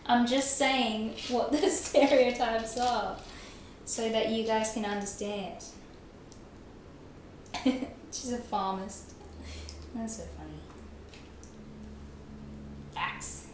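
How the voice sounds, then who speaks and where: A woman's voice: on the high side, steady tone, slow, long pauses. A young woman livestreaming a game, chatting casually with her chat, self-mocking and laughing often. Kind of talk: casual chat while gaming, reading chat. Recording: very echoey room, faint noise.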